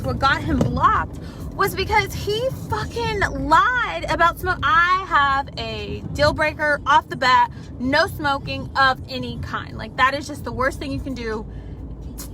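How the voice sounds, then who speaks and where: A young woman telling a casual, profane storytime to her viewers from her car, talking in a chatty way and calling them y'all. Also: sits high. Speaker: vlogger. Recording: noisy car recording.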